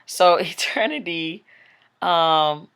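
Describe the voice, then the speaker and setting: With plenty of "like" and "um," a Christian woman rambles casually through her testimony of a vision. Her lowish, slightly bright voice is clean and slow, with lively intonation.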